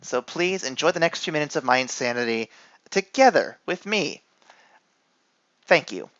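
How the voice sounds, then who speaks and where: Young male podcast host, goofy and self-mocking, bright, higher voice, dry sound. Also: expressive, moderate pace, no echo, highs cut off. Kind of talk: solo comedy podcast.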